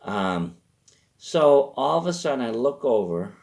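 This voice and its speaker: Gravelly man telling a rambling story. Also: medium pitch, sing-song, a little slow, darkish tone. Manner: rambling, self-interrupting. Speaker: host. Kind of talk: comedic storytelling.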